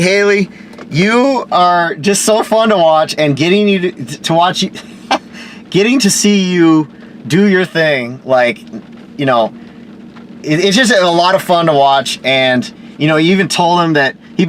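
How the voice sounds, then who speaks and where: A man's voice: fairly high pitch, slight background noise. A man casually recapping soap opera episodes as a show host, rambling and laughing often, acting out characters' lines. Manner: chatty, rambling, laughs often, quotes characters in lively voices.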